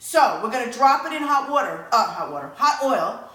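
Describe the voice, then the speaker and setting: A chatty, excitable woman walks through a home cooking demo, her voice pitched high. She rambles with plenty of fillers. The kitchen around her rings with echo. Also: normal speed. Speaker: home cook. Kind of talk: casual cooking demonstration.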